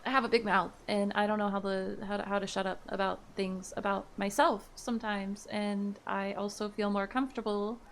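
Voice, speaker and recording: A woman's voice: mid-range voice, steady tone, moderate pace, hardly any pauses, a little hiss or hum. A woman in her thirties casually chatting with viewers on a live stream, laughing easily and reading their messages aloud. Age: 30s.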